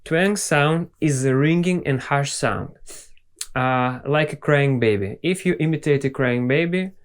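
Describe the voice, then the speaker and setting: A young man whose first language is Russian, teaching singing slowly and patiently, with non-native phrasing and sung examples. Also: medium pitch, clear, resonant tone. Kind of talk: vocal lesson with sung demonstrations.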